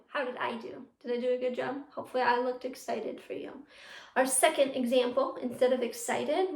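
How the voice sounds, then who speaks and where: A young woman teaching a youth theatre class from home, coaching the viewer through breathing warm-ups and practice lines. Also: high voice, vocal fry. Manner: encouraging, talks straight to the viewer, leads breathing drills. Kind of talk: virtual class to children at home. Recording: echoey room.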